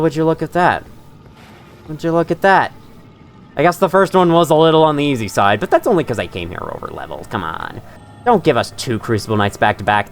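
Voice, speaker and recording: A gaming channel host with a medium-pitched, fairly bright voice gives rambling, chatty commentary on his gameplay. He laughs a lot and talks to the enemies on screen.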